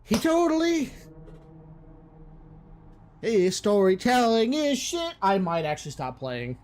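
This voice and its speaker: A man's voice: high-pitched, big pitch swings, slow pace, darkish tone. A man streaming a game, ranting with profane exasperation in casual commentary.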